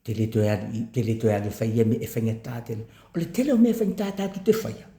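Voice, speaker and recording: A man telling a lively motivational story about not giving up, switching between English and another language and acting out what others said. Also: mid-range voice, racing, echoey room. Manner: animated, switches between English and Samoan, acts out quotes.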